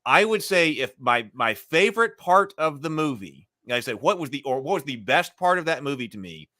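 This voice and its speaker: Male podcast host, bright and forceful tone, rambling delivery with lots of restarts. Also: a little high, big pitch swings, normal speed. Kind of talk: casual discussion.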